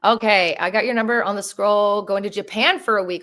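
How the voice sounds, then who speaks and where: A woman's voice: medium pitch, fairly even intonation, brisk, a bit bright. A woman in her thirties hosting a live Q&A stream from home, chatty and bubbly, with lots of fillers and restarts. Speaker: real estate agent and host. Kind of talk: live stream Q&A, casual chat.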